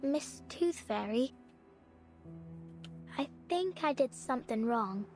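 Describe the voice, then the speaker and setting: A woman voicing a curious, lonely young girl in a game, talking in a soft, earnest way. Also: high-pitched, lively intonation, slow pace, soft background music, exaggerated voice. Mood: pensive. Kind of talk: game voice acting.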